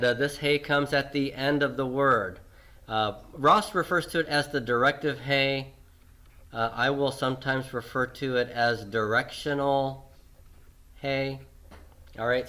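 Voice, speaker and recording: A male teacher giving a recorded class lecture, patient and repetitive, often checking in with "okay?" and slowing down on key terms. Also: mid-range voice, bright, forceful tone. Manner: lots of fillers and restarts, slowing on key terms.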